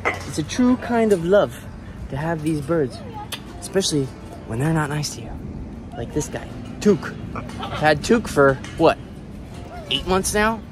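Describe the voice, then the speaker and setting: A man's voice: fairly high pitch, animated, measured pace, pauses often, over music. A man chatting casually in an outdoor vlog while working around his animals, laid-back and swearing now and then. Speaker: vlogger and animal keeper.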